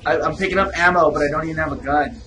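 A young man giving casual let's play commentary on a horror game, excitable and swearing, trash-talking the enemies with jokey running remarks and sudden yelps. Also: a little high, racing. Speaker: gamer playing a horror game.

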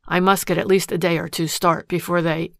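A woman reading a frightened husband, creaky and low. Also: little pitch movement, no echo, clean studio sound. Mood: desperate. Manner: hurried, halting pleas. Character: desperate middle-aged husband in trouble.

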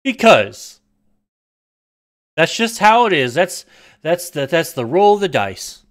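A man streaming a game live, chatting casually, swearing often and snapping into sudden yells. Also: fairly high pitch, slow pace. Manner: excitable, swearing, prone to sudden yelling outbursts. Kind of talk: casual live-stream chat while gaming.

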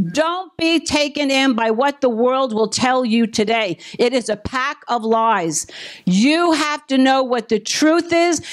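Slow, higher-voiced woman pastor preaching. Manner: emphatic preaching, dramatizes scripture quotes. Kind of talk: sermon.

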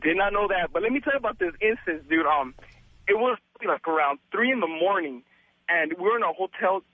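A young man calling a radio show by phone, excited and full of slang. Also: high-pitched, a little fast, dry recording. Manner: excited, laid-back surfer slang. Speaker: caller. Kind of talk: phone-in chat. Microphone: telephone. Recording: tinny phone line.

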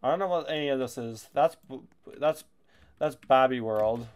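Casual gaming commentator, male, mid-pitched, excitable and loose, laughs and curses a lot. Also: moderate pace, clean tone. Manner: excitable, laughs and swears often. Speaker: gaming YouTuber.

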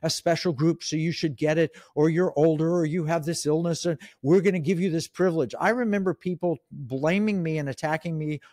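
An emphatic middle-aged man gives opinions as an interview guest, his voice sitting a little high for a man. He restarts often and leans hard on key words. The sound is dry and close, with no room around it. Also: fairly quick, hardly any pauses, darkish tone, no room sound. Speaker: guest, economic commentator. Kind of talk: interview conversation.

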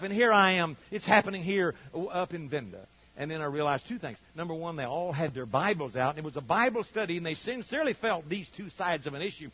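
Speaking a little high and fairly fast, with hardly any pauses, an older man gives a sermon full of animated stories in which he acts out what people said. It's a dull, lo-fi recording.

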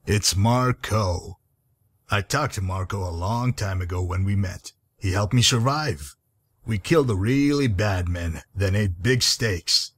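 In game dialogue, a man voices a gruff, grizzled wasteland guide with a husky, low voice. He speaks at a measured pace, sounding weary, dry, and patient.

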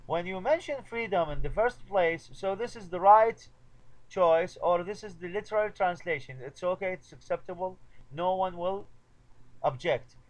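A man's voice: high voice, poor audio. Man teaching translation. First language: Arabic. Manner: repeats model sentences slowly, switches between English and Arabic. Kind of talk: classroom lecture.

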